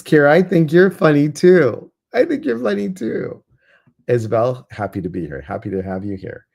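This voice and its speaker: A man hosting a live guided meditation, chatty and quick to laugh as he reads out viewer comments, then slowing into soft, soothing guidance. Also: sits low, gravelly, breathy edge. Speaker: meditation host.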